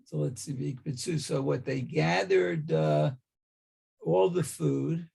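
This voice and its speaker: A man in his sixties reads and discusses a text with his teacher, halting and unhurried. His voice is very gravelly, rough and husky, and sits a little high for a man. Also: a little mellow. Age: 60s. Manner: slow, halting reading with frequent okays. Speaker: student.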